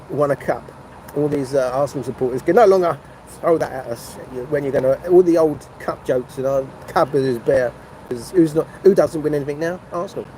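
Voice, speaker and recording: A man's voice: fairly high pitch, warm tone, slight background noise, rough recording. An older man, chatting casually and meandering on a phone livestream from a motorway service station café. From North London. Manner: chatty, meandering, restarts mid-sentence. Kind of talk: rambling casual livestream chat.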